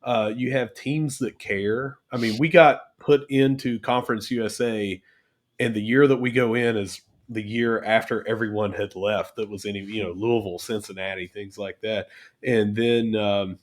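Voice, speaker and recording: A man's voice: on the low side, moderate pace. Chatty man. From southern West Virginia. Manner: chatty, animated storyteller. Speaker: guest podcaster. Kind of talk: casual podcast interview.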